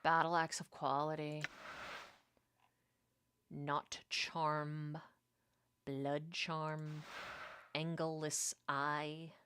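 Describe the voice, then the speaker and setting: Slow, low-voiced woman gamer muttering. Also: flat delivery, a bit bright, slight background noise. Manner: easygoing, mutters to herself, casual swearing. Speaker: gaming channel host. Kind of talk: let's play commentary. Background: game music.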